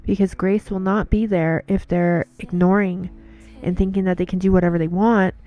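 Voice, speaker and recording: A woman's voice: medium pitch, flat delivery, normal speed, highs cut off, faint music behind. A woman giving an earnest devotional talk in a casual monologue, telling stories and repeating words as she goes.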